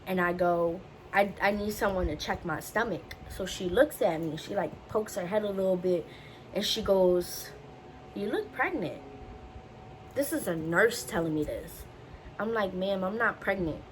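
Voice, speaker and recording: A young woman vlogger casually telling a personal story, chatty and animated, acting out what others said. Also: medium pitch, moderate pace, slight background noise, low-quality recording. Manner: chatty, animated, acts out quotes.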